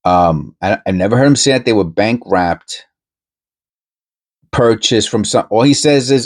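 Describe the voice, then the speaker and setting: A man with a fairly low voice talks casually to his viewers about coin hunting. He rambles, restarts his sentences and breaks off mid-thought. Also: expressive, takes it slowly, long pauses. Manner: rambling, self-interrupting, conversational. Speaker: coin-hunting channel host. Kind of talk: casual commentary to camera.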